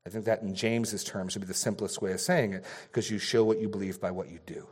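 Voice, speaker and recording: A man preaching an expository sermon in an earnest way, getting louder and softer to stress his points. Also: lowish voice, fast, hardly any pauses. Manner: earnest, varies loudness for emphasis.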